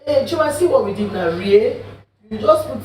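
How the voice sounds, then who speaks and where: A woman's voice: a little high, lively intonation, normal speed, dark tone. A woman teaches a classroom lesson, walking learners through examples and often asking if they are with her. Her voice rings around a roomy space. The mic is set some distance away from her. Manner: patient, repeats examples and checks understanding. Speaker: Igbo language teacher.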